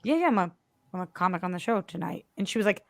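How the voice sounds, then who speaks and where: A woman co-hosting a podcast, telling a story with lively acted-out quotes. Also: on the low side, quick pace, creaky, no echo. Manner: animated storyteller acting out quotes. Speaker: podcast co-host. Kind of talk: casual chat.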